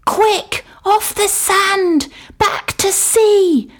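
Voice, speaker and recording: A woman voicing a tiny, brave female sea snail in a high, urgent voice in a storybook reading. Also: drawn-out words, exaggerated voice.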